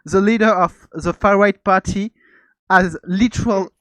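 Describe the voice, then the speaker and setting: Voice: mid-range voice, measured pace, no echo, rough recording. A streamer from France with a French accent, chatting casually and earnestly, often saying "like" and "literally". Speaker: streamer guest. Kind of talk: casual live-stream chat.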